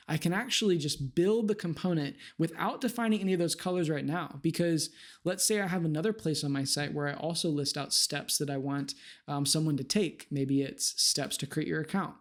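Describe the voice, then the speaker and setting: A man's voice: fairly high pitch, moderate pace. A man giving a casual screen-share tutorial on web design, explaining step by step and thinking aloud with fillers.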